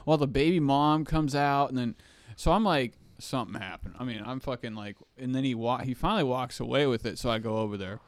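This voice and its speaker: A man's voice: medium pitch, a little fast, no room sound. A man co-hosting a podcast, telling a rambling story full of swearing and restarts in casual chat. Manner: rambling, heavy swearing, restless. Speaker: podcast co-host.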